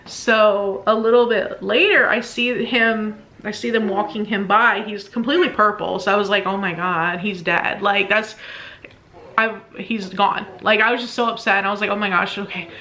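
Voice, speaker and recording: Bright-voiced woman telling a story, laughing. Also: mid-range voice, steady tone, normal speed. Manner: chatty, laughs often, acts out her own past lines. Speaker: vlogger. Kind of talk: casual storytelling to camera.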